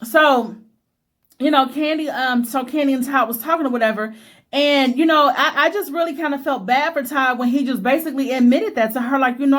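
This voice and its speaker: A woman's voice: sits high, brisk, a bit bright. A woman giving blunt, opinionated casual commentary on a reality show episode, swearing freely and using lots of fillers.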